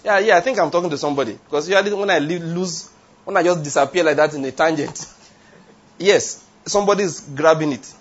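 A man's voice: fairly high pitch, brisk. A man preaching a sermon, emphatic, asking the congregation rhetorical questions and drifting into tangents. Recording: dull lo-fi sound.

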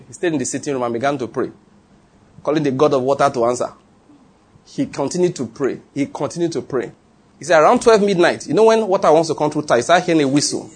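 Husky Nigerian pastor telling stories. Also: male voice, fairly high pitch. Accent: Nigerian English. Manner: animated, laughs often, asks the audience questions. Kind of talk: sermon storytelling.

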